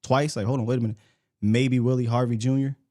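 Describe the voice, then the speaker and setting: A man hosts casual sports talk, speaking bluntly and with animation. He uses slang freely. His voice sits at an ordinary mid pitch for a man. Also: fast talker. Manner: blunt, animated, slangy, reads lists aloud. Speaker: sports podcast host.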